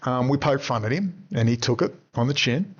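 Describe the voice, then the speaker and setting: A man in his fifties with an Australian accent, talking in a loose, digressive monologue full of asides and casual swearing. His voice sits at an ordinary pitch for a man. The recording is somewhat dull and lo-fi. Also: animated, fairly quick, slightly rough. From Western Australia. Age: 50s. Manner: casual, digressive, swears freely, chuckles at own stories. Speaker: commentator. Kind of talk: rambling monologue.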